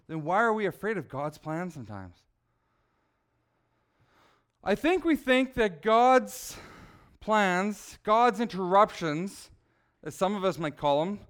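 A middle-aged man preaching in a relaxed, conversational way. His voice sits high for a man and sounds smooth and clear. He keeps asking the congregation questions and acts out little scenes. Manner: conversational, asks the audience questions, acts out people. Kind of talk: casual sermon.

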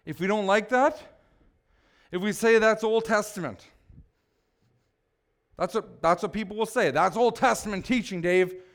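A man's voice: high voice, measured pace, pauses often. A man preaching a sermon as pastor, speaking emphatically and asking the congregation questions.

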